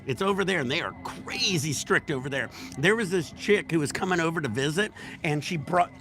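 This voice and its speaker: A man's voice: fairly high pitch, animated, brisk, a bit bright, soft background music. A man hosting a casual livestream, telling rambling, profane stories at a resort bar. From United States. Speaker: livestream host.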